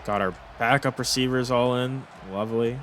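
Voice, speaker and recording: A man's voice: medium pitch, fairly even intonation, moderate pace, fairly bright tone, slight background noise. A young man commentating his own football video game, exasperated and swearing as he rambles through complaints. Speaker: gaming commentator. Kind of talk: frustrated gameplay commentary.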